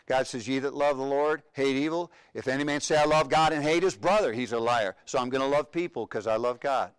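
A middle-aged male pastor preaching with a smooth, resonant voice, close and dry with no room sound. He asks the congregation questions and answers them himself, moving between loud declarations and hushed lines. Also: mid-range voice, brisk, few pauses, no echo. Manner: emphatic preaching, call-and-response questions. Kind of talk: sermon.

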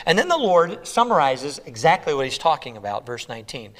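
A male pastor preaching a sermon with a somewhat high voice. He drops to near-quiet, tender lines, then builds to loud, urgent emphasis. His delivery is earnest and expressive. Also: brisk, few pauses. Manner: impassioned, swinging between hushed and loud emphatic delivery.

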